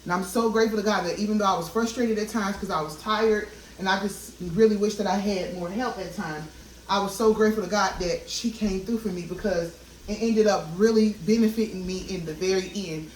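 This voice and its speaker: A woman in her thirties, a vlogger, chats with her viewers while cooking in her home kitchen, addressing them as y'all in a heartfelt, testifying tone. Her medium-pitched voice is brisk, picked up by a distant mic in an echoey room with slight background noise and the sizzle of frying food.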